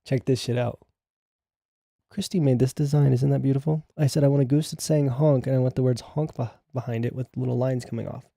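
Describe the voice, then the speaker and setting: A man's voice: mid-range voice, fairly even intonation, brisk, creaky, mellow, no room sound, clean studio sound. A young man hosting a casual livestream, chatty and joking as he reads the chat aloud. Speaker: livestream host.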